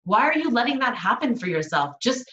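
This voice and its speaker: A woman's voice: fairly high pitch, big pitch swings, fairly quick, pushed and bright, slight background noise. A woman co-hosting a motivational podcast, talking earnestly and passionately to urge listeners to stop waiting and act. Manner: earnest, impassioned, urging listeners. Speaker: podcast co-host. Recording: echoey room, dull audio.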